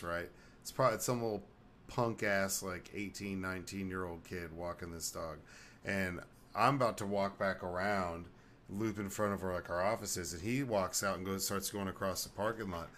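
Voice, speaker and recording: A man co-hosting a podcast, telling a story in animated, profane casual chat. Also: low-pitched, slight background noise. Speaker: podcast co-host.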